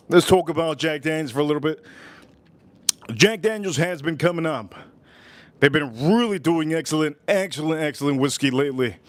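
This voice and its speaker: A man with a somewhat high voice hosts a relaxed livestream, talking to viewers. He stretches his words and says each phrase over and over in a playful, unhurried way. The sound is dry and close to the mic. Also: no echo. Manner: repeats phrases, drawn-out and playful. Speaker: livestream host. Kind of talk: casual livestream chat.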